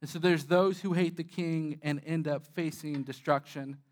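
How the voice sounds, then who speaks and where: A man's voice: on the high side, steady tone, moderate pace. A young man, a church pastor, giving a sermon in a candid, self-deprecating, conversational way, with frequent "uh" fillers.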